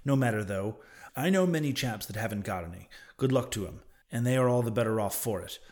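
Guy reading as a shabby old sailor prophet, higher and louder than the narrator, preachy and mocking. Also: animated, a little fast, natural voice. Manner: archaic sailor talk, emphatic, derisive.

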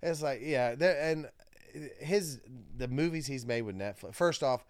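Man, casual co-host type, rambling and profane, clean smooth tone, dry close mic. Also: mid-range voice, a little slow, no echo. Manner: animated, rambling, swears freely, many fillers and restarts. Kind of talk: casual chat.

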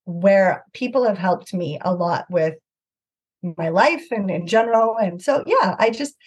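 This author, a middle-aged guest, tells a personal anecdote with earnest animation, frequently slipping into other people's voices as she quotes them. She speaks unhurriedly in a mid-range voice carrying a slight husky breathiness, in a conversational storytelling style.

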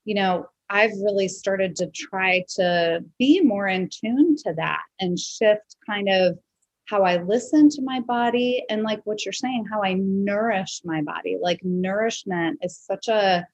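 With a medium-pitched voice at a measured pace, this podcast host chats through a casual interview in a reflective, conversational manner, using lots of fillers. The recording is dry and the audio poor.

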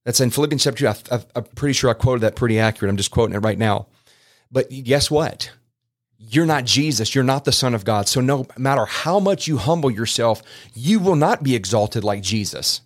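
An earnest man talks into a podcast microphone about faith. He rambles and restarts often, and his voice sits at an ordinary middle pitch. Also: lively intonation, a little fast. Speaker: podcast host. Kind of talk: casual podcast preaching.

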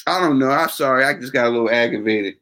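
A man's voice: medium pitch, fast, background noise. A man co-hosting a casual boxing talk show, ranting with passion and repeating himself. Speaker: podcast co-host.

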